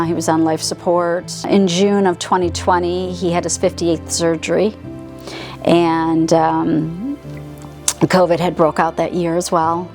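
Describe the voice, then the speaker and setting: A middle-aged woman from Michigan, a patient's mother, slowly and hesitantly retelling a painful family story in a documentary interview. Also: lowish voice, a little mellow. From Michigan, USA. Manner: slow, hesitant, somber retelling.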